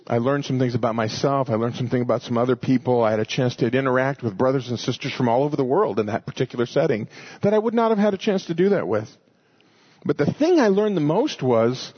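A man's voice: fairly high pitch, slightly rough, dull audio. A man preaching a sermon, emphatic and repeating short commands.

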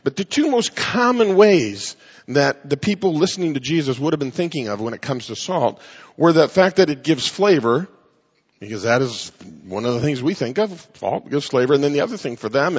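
Male preacher, husky and slightly high, emphatic pulpit delivery, muffled lo-fi sound. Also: very animated, in a large hall. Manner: emphatic preaching, drawn-out stresses and wry asides. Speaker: pastor. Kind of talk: sermon.

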